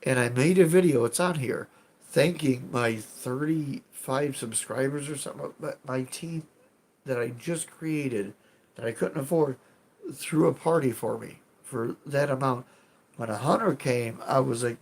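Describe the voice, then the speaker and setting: A man's voice: mid-range voice, unhurried. A man casually chatting with his live chat as a streamer, rambling, self-deprecating and swearing now and then.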